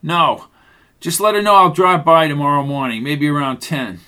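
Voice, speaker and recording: A man with a slightly high voice narrates a mystery radio drama. He tells the story steadily and also speaks the detective's lines. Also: steady tone, moderate pace, pushed and bright, clean tone.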